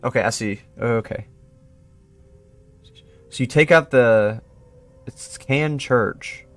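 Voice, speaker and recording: A man's voice: mid-range voice, takes it slowly, fairly bright tone, soft background music. A young man on a live stream, reading reports aloud, then chatting casually, laughing and thinking aloud as he works out a code. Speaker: streamer exploring an online mystery.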